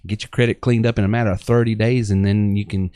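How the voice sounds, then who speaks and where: A man's voice: on the low side, level tone, fast talker, warm tone, no echo, studio quality. A man with a Southern accent hosting a live online business show, chatting casually and rambling with lots of fillers and restarts. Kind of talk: casual live-stream chat with pitches.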